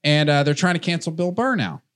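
A man's voice: fairly high pitch, lively intonation, fairly quick, fairly bright tone. A man chatting casually, blunt and profane as he rants. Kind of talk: casual chat.

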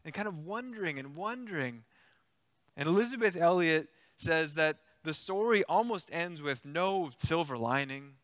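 A man preaching a sermon, retelling a story in a conversational, animated way with acted-out quotes. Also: on the high side, normal speed, no echo, clean studio sound.

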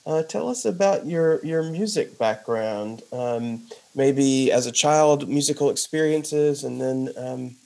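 A gravelly, mellow-toned interviewer asks questions in a hesitant, halting way. The questions come out with plenty of ums and uhs, in a relaxed, casual interview manner. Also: mid-range voice.

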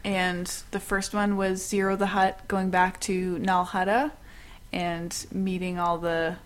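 A woman co-hosting a podcast in casual chat, agreeable and quick to affirm. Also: lowish voice, little pitch movement. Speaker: podcast co-host.

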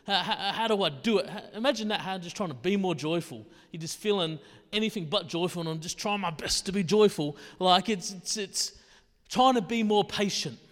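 Male pastor with a high voice, conversational sermon full of rhetorical questions, recorded in a hall with long reverb. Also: moderate pace, a bit bright.

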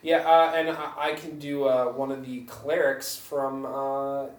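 A man co-hosting a casual comedy podcast, joking and often laughing, with halting restarts. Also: medium pitch, little pitch movement. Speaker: podcast co-host. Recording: roomy, distant mic.

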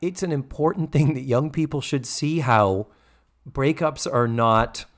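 A man's voice: a little high, moderate pace. A man casually chatting on a podcast, recapping a TV episode and briefly acting out the characters' lines. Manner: animated, acts out quoted lines in a raised voice. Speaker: podcast co-host.

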